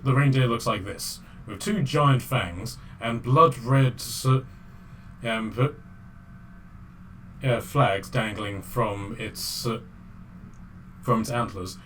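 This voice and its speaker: A man's voice: medium pitch, slight background noise. A man narrating a tabletop game as game master, casual and hesitant with many fillers.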